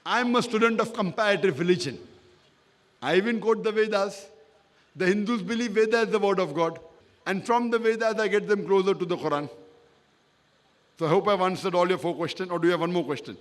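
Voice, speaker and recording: Very high-voiced emphatic male lecturer. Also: fairly quick, pauses often. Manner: emphatic, repeats points, checks agreement with "correct?". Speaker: Islamic lecturer answering an audience member. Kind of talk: public question-and-answer talk.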